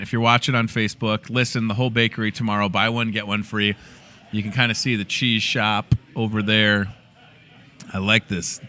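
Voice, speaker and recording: A man's voice: mid-range voice, sharp tone. A young man, hosting a store's daily show in a grocery store with a chatty, joking manner. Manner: chatty, playful, joking asides. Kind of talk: casual promotional chat.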